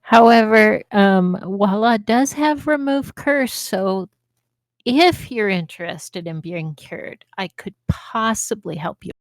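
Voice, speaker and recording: A woman playing a tabletop game, measured and helpful. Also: medium pitch, animated, dry recording. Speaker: player. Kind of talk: casual tabletop game chat.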